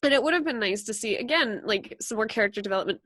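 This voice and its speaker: A woman's voice: fairly high pitch, lively intonation, fast, fairly bright tone, no echo, studio quality. A young woman co-hosting a casual movie podcast, giggly and gushing, filling her speech with "like". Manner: giggly, gushing, uses "like" a lot. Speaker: podcast co-host. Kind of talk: casual chat.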